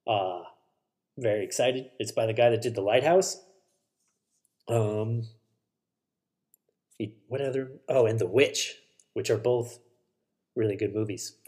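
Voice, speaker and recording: A man's voice: mid-range voice, a little mellow. A man hosting a solo podcast, rambling casually about shows and movies, swearing and correcting himself as he goes. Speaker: podcast host.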